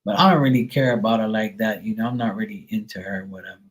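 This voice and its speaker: A man's voice: on the low side, fast talker, low-quality recording. A middle-aged man hosting a live stream, telling a rambling story to viewers, swearing often and full of fillers. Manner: profane, rambling, filler-heavy; mimics others in a raised voice.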